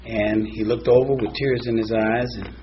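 Male preacher, lively storyteller, slightly muffled recording with light background noise. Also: normal speed. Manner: animated storyteller, voices soft and low for quoted lines. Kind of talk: sermon with storytelling. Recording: slightly dull with faint noise.

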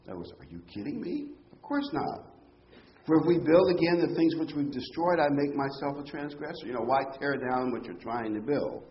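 A man's voice: a little high, big pitch swings, brisk, dull audio. A man preaching a Bible-teaching sermon, explaining scripture with rhetorical questions and emphatic phrases.

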